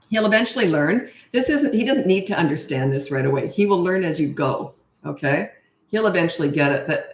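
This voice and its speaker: A middle-aged woman coaching parents in a casual Q&A, blunt and matter-of-fact, now and then acting out short quotes in a higher voice. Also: expressive, fairly quick. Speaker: parenting coach answering viewer questions. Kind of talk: casual live Q&A. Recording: roomy echo.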